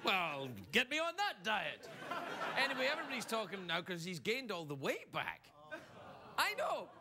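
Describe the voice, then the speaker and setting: A man's voice: high-pitched, moderate pace, crowd noise. A man delivering a late-night comedy monologue as talk show host, joking and slipping into put-on voices. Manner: animated joking with frequent laughs and put-on voices. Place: TV studio before a live audience. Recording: loud studio audience laughter and noise.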